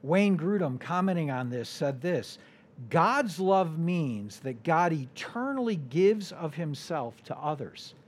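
A man with an American accent preaching a sermon as a guest preacher, deliberate, his voice sinking soft and low at the ends of phrases. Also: animated.

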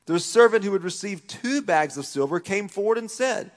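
Animated preaching man in a reverberant hall. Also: high-pitched, measured pace. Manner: animated preaching, acting out voices in the story. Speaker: pastor. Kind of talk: sermon. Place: church auditorium.

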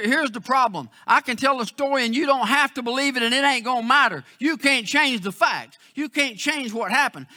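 A man preaching a sermon as pastor, telling a story with emphatic, then hushed, emotional delivery. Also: extremely high pitch, no room sound, clean studio sound.

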